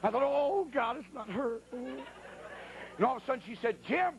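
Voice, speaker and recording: A man preaching a sermon, telling a comic story with folksy, animated, exaggerated delivery. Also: very high voice, brisk, gravelly, low-quality recording.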